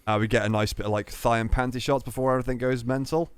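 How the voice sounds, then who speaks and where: A man chats on a podcast, reading his notes aloud and swearing as he goes. He has a middle-pitched voice. The sound is close and dry, with no room in it. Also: quick pace, smooth, dry recording. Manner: swears often, reads out his notes, animated. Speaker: podcast co-host. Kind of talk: casual chat.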